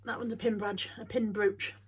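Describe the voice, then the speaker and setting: A middle-aged woman chatting casually as she shows off her bargain finds, wry and thinking out loud. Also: medium pitch, flat delivery, normal speed, husky. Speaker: reseller showing bargain finds.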